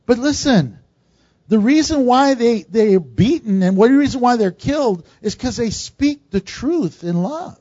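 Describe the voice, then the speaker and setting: A man's voice: very high voice, expressive, measured pace, warm tone, dry recording. A man preaching a sermon to a congregation in a conversational style, with asides and jokes. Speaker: pastor. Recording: dull, dry recording.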